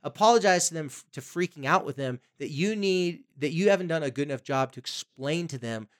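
A man's voice: on the high side, lively intonation, a little fast. Male podcast co-host: casual, emphatic advice-giver who slips into quoted voices. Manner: emphatic, acts out quoted parents and teens.

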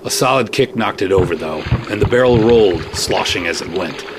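A man giving a first-person scripted narration of an audio drama, steady and dry, with terse asides. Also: low-pitched, fairly quick. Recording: noisy recording.

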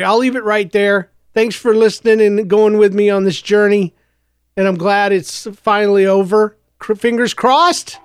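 Hoarse man talking casually, solo podcast. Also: sits high, dry recording, studio quality. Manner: rambling and reflective, with frequent restarts. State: hoarse from coughing. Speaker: podcast host.

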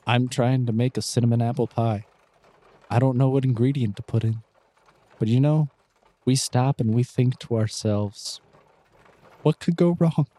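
A man's voice: medium pitch, moderate pace, long pauses, dark tone, dry recording, lightly acted. A man voicing a rambling companion who gives folksy advice through clumsy baking analogies.

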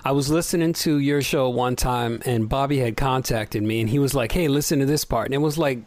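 A man's voice: medium pitch, brisk. A man chatting casually as a podcast guest, reacting with laughs and swearing.

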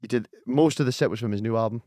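Fast-talking man, rambling. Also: medium pitch, dark tone, dry recording, clean studio sound. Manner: rambling, self-deprecating, many fillers and restarts. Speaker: podcast guest, singer-songwriter. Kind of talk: casual chat.

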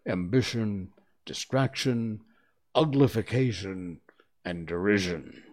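A man voicing a sorrowful, sobbing male Mock Turtle in a storybook reading, slow and breathy. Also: on the low side. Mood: mournful.

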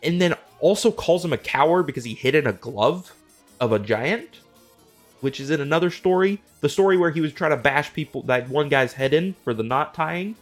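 A man's voice: fairly high pitch, lively intonation, moderate pace, faint music behind. Profane, rambling comedic man. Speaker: host. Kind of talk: comedic monologue.

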